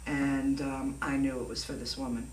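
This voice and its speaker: A woman's voice: a bass voice, flat delivery, moderate pace. Hesitant middle-aged woman telling a story. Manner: hesitant, searching for words. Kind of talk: casual storytelling on a talk show. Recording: echoey room, far from the mic, faint noise.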